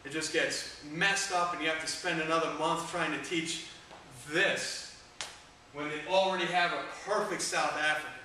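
A man coaching discus technique, giving energetic, emphatic cues in an instructional demo. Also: a little high, normal speed. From United States. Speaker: throwing coach. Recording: echoey room, distant mic, faint noise.

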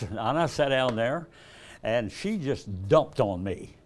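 A man's voice: mid-range voice, expressive, takes it slowly. An older man, an evangelist telling folksy stories in a sermon and acting out the dialogue. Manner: folksy, acts out dialogue in a raised voice, chuckles often. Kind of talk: storytelling sermon.

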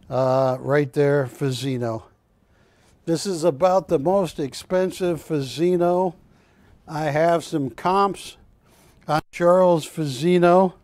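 Male shopping channel host, slow and rambling, anecdotal, dry close studio sound. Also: fairly high pitch, darkish tone, no room sound. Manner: rambling anecdotal storytelling, self-correcting. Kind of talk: live TV sales presentation.

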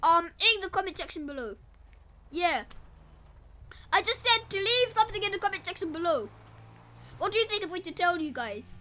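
A woman talking to camera as a gaming YouTuber in an energetic, rambling, chatty way. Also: very high-pitched, moderate pace, long pauses. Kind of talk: casual vlog to camera.

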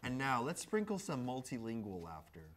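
A man's voice: mid-range voice, huge pitch swings, moderate pace. A man giving a comedic, mock-grand reading of a written letter from a video. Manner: mock-grand, playful delivery.

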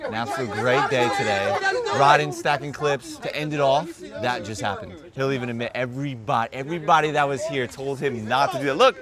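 A man's voice: medium pitch, brisk. A man hosting a BMX vlog outdoors at a skatepark, talking in a casual, joking way with plenty of swearing and trash talk. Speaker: host and BMX rider. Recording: outdoor mic with crowd noise.

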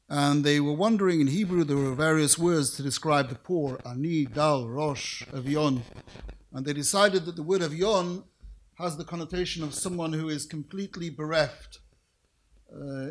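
A middle-aged man giving a formal lecture, telling anecdotes with careful, precise diction, measured pacing and dry humor. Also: on the high side. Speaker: rabbinic lecturer.

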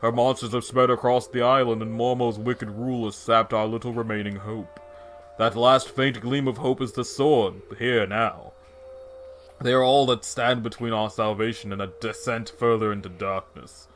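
A man voicing a serious old male sword keeper in a game playthrough, speaking in a formal, measured way. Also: medium pitch, steady tone, a bit bright, soft background music, voice pushed down, natural voice. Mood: grave. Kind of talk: video game voice acting.

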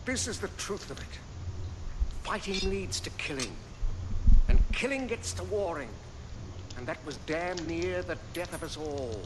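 An actor playing a grand arena announcer who declaims to a crowd like a preacher. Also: male voice, on the high side, expressive, a little slow, long pauses. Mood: solemn. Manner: solemn, declaiming oratory. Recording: noisy film clip played on stream.

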